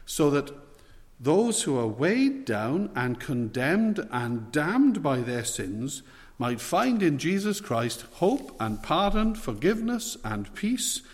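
A man preaching a sermon in a measured, emphatic way, slowing down to stress key phrases. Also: a little high. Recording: long hall reverb.

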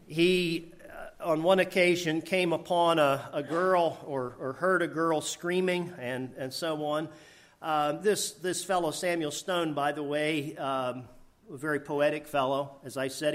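An older man preaching a sermon in a lively, laughing way, rising to emphatic high bursts.

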